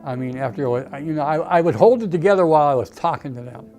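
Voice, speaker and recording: A man's voice: a little high, expressive, fast talker, a little mellow, faint music behind. An older man, an Army veteran, reminiscing emotionally in a documentary interview, often saying "okay" and "you know".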